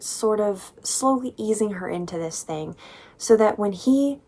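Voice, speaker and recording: A woman's voice: mid-range voice, expressive, unhurried, mellow. Chatty young woman reviewing a book. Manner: chatty, exasperated and critical, many "like" fillers. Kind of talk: casual book commentary.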